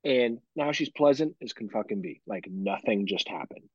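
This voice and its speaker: A man on a podcast chats casually and swears freely as he tells animated stories about parenting. His voice is husky and the sound is dry and close. The recording is a little dull and lo-fi. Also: on the low side, moderate pace, no echo. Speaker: podcast co-host. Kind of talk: casual chat.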